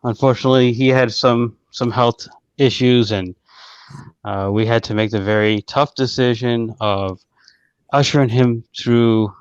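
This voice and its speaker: Guest storyteller, chatty and animated, in a dry room with a dull lo-fi mic. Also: a little slow, clear, resonant tone, no room sound. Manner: storytelling, animated when quoting. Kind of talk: casual chat. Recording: dry, dull low-fidelity sound.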